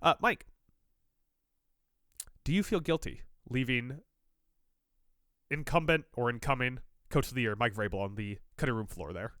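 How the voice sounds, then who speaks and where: A man's voice: mid-range voice, moderate pace, long pauses, a bit bright, smooth, no room sound, studio quality. A man co-hosting a sports podcast, joking and teasing in casual chat, a little stuffy from allergies. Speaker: podcast co-host.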